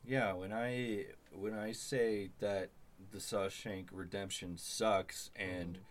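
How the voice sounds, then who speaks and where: A man's voice: on the low side, steady tone, slow pace, a little hiss or hum. A young man co-hosting a podcast, trading goofy, giggly banter. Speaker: podcast co-host. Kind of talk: casual chat.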